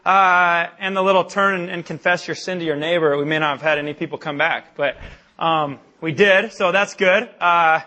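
High, bright-voiced young man preaching. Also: normal speed. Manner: animated, self-deprecating, with many fillers. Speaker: college ministry speaker. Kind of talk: storytelling sermon talk. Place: church meeting hall.

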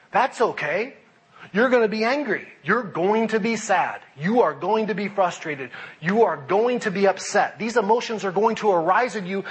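A middle-aged man preaching a sermon, animated, moving between loud emphasis and quiet reflection. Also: sits high, breathy edge, poor audio. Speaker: pastor.

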